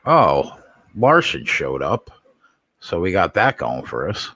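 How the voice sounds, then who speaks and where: Man, very low voice, bright edge, dry close mic, casual betting talk, blunt. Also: huge pitch swings, slow pace, dry recording. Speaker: show host. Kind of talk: casual sports betting chat.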